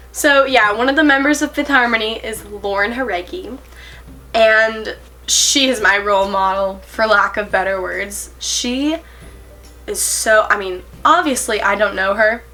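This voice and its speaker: An eighteen-year-old woman vlogs to camera in a medium-pitched, sharp voice at an unhurried pace. Earnest but a bit nervous, she rambles with fillers and self-corrections, often dissolving into giggles and self-conscious laughs.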